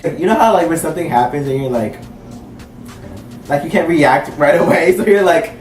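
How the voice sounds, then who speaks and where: A man's voice: fairly high pitch, expressive, fairly quick, long pauses, recorded from a distance. A young man telling a casual story, rambling and leaning on "like" as he goes. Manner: rambling, heavy use of "like". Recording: roomy, off-mic with faint music.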